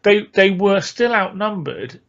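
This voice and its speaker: A man's voice: high-pitched, expressive, a little slow, a bit bright, lo-fi sound. A man co-hosting a podcast in casual chat, giving blunt, dismissive opinions. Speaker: podcast co-host.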